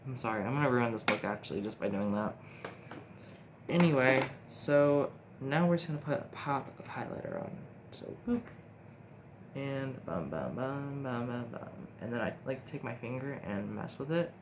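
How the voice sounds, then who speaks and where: A young man with a mid-pitched voice walks through a casual makeup tutorial at a moderate pace, rambling and quick to get excited. He often talks to himself while filming with his phone, and a steady hiss sits under the recording.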